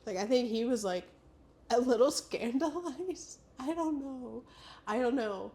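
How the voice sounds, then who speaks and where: A woman's voice: on the high side, animated, unhurried, darkish tone. A young woman in her twenties, sick and stuffed up, chatting casually and rambling through a book vlog with lots of "like" and "I don't know". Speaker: booktuber.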